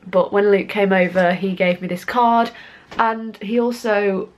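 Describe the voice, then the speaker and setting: A young woman talks straight into a compact camera held close, chatty and rambling. Her voice sits at a middling pitch, casual and easygoing, with frequent laughs. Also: fairly even intonation, a little slow. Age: young adult. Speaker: vlogger. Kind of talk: casual vlog talk to camera.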